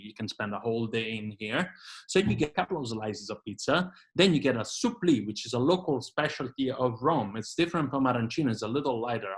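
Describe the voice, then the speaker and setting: A man's voice: medium pitch, rough recording. A man from Italy with an Italian accent, leading a virtual tour over a video call in an enthusiastic, informal way with lots of fillers. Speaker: tour leader. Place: home in Canada, indoors.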